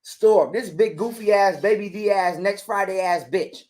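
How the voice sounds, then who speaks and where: A man's voice: sits high, moderate pace, darkish tone. A man telling a heated, profane story as a guest on an interview show. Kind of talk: casual storytelling.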